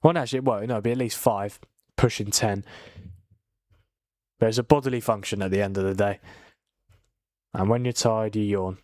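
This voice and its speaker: A man's voice: on the low side, steady tone, normal speed, long pauses, a little mellow, no echo, studio quality. A tired young man hosting a live football watchalong, chatting casually and yawning between restarts. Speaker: watchalong host.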